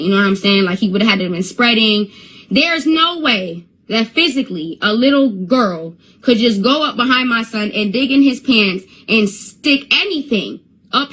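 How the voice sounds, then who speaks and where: Speaking to viewers on a phone livestream, an Instagram streamer recounts a story in a fairly bright, higher-pitched voice. Her words trip and repeat as she goes, and she stutters when upset.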